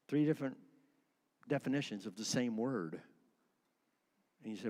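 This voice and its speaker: A man's voice: lowish voice, lively intonation, moderate pace, long pauses, darkish tone. A man teaching a church class, asking questions and shifting his word stress for effect. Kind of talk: interactive church class lecture.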